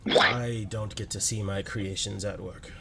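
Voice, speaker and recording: A man's voice: fairly low pitch, fairly even intonation, a little slow, creaky, heavy background noise. A man voicing an old, weary male forge-master who speaks with dry, chuckling understatement in a tabletop game.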